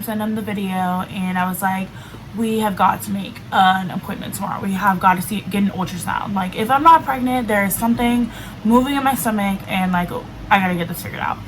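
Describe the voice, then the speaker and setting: With a mid-range voice, a vlogger in her twenties tells a personal story to camera in a casual, chatty way, her speech full of "like." The audio is poor, with faint background noise and a level that cuts in and out.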